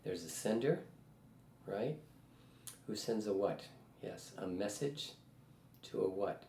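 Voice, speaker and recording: A man in his sixties lectures with a low, mellow voice, trading stories for questions he tosses out to the class. The room is echoey and faint noise hums underneath. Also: lively intonation, takes it slowly, vocal fry. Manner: conversational, storytelling, asks class questions. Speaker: psychology lecturer.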